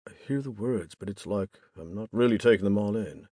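A man's voice: fairly low pitch, a little fast, warm tone, husky, dry recording, clean studio sound. A young man narrating a first-person novel in a wry, bitter way. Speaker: audiobook narrator.

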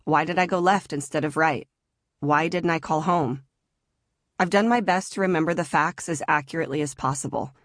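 Low-voiced woman reading her memoir. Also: dry recording, studio quality. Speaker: author narrating her memoir. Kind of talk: audiobook memoir narration.

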